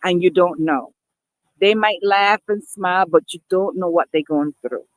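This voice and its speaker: A woman vlogger with a fairly low voice speaks at a moderate pace, earnestly addressing her viewers as people in casual talk to camera. Emphatic, she keeps repeating and restarting phrases. It's a dry, low-quality recording.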